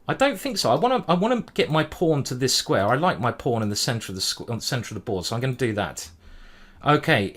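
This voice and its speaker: A man streaming a simultaneous chess display, thinking aloud move by move in a hurried way and humming as he ponders. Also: mid-range voice, fairly bright tone. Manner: hurried, juggling many boards. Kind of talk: live-stream chess commentary.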